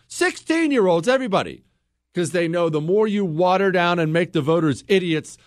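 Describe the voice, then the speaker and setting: A man's voice: sits high, no room sound, clean studio sound. A male radio talk show host delivering a combative, sarcastic political monologue and reading listener emails. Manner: reads listener emails aloud.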